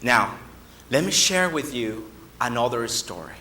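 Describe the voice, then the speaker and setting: A man giving a speech-contest oration, slow and emphatic, with dramatic pauses. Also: medium pitch, expressive, bright, forceful tone. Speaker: contest speaker. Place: hall. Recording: echoey hall.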